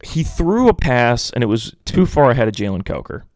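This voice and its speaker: A young man hosting a casual solo sports podcast, rambling and animated, sometimes mocking pundits in impressions. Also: mid-range voice, moderate pace, no room sound, clean studio sound. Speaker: podcast host.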